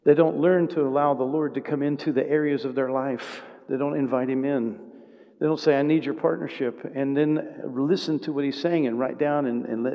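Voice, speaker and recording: The audio is dull and the sanctuary's long hall reverb is obvious as a married pastor of medium pitch and creaky voice delivers his sermon. At times conversational, repeatedly calling out to his congregation, he grows impassioned and builds to loud exhortation.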